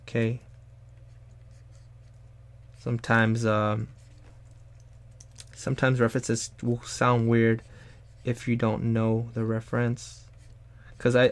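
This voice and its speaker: A young man rambles casually over his drawing stream, shifting between easygoing talk and sudden loud, high-pitched exclamations. His mid-range voice is picked up close on a desk mic in a dry, dead room. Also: no room sound. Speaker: streamer and artist.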